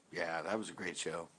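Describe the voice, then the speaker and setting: A man's voice: low-pitched, pushed and bright, slight background noise. A man co-hosting a live stream, rambling and laughing through casual jokey chat.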